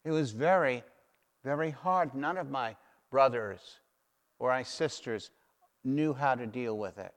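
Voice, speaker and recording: A man's voice: mid-range voice, measured pace. A middle-aged man preaching a sermon, emphatic and repeating key phrases for weight. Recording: long hall reverb.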